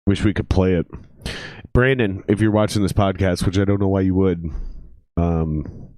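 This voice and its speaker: A young podcast host from the Upper Midwest chats casually, exhausted, loose, and sweary, with an Upper Midwest American accent. His low voice is steady and a little mellow at a moderate pace, recorded with clean studio sound and no echo.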